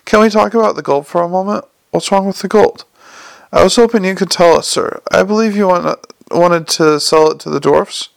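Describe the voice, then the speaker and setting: Here a narrator performs a courteous, composed young police captain whose earnest, formal questions probe politely. The man's voice is somewhat high and gravelly, recorded dry and close without echo, at a moderate pace.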